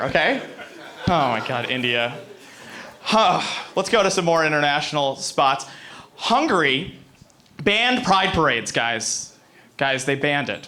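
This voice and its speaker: A brash American man performs stand-up on a comedy club stage. His voice sits high and rings bright and forceful as he swears freely and keeps turning to talk straight to the crowd. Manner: brash, profane, rambling asides to the crowd.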